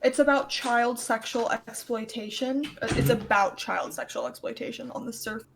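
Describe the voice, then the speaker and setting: A woman's voice: a little high, normal speed, vocal fry, a bit bright, slight background noise. A woman guest in a casual conversation, explaining things in a matter-of-fact way.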